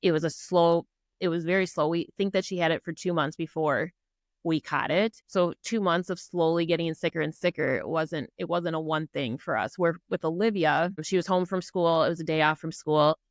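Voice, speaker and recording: Middle-aged woman in earnest animated storytelling. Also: deep voice, moderate pace, no echo, clean studio sound. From Minnesota. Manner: earnest, animated retelling that acts out quoted dialogue; many fillers like "like" and "um". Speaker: guest. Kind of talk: personal storytelling in a podcast conversation.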